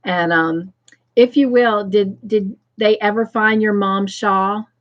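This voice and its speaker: A woman hosting a livestream, greeting viewers by name and reading their comments aloud with effusive, excited warmth. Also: medium pitch, takes it slowly, muffled recording. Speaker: livestream host.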